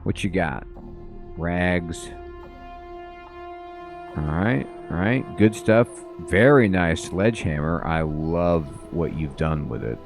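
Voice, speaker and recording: A man's voice: deep voice, a little slow, gravelly, hardly any pauses, soft background music. A man giving casual, offhand commentary while playing a game, with many ums. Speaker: let's play host.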